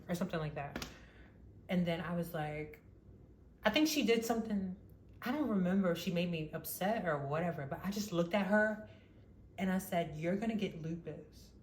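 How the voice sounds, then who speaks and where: A young woman telling a personal story in a casual monologue, rambling with many fillers and frequent laughs. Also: fairly low pitch. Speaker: vlogger. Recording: echoey room with faint noise.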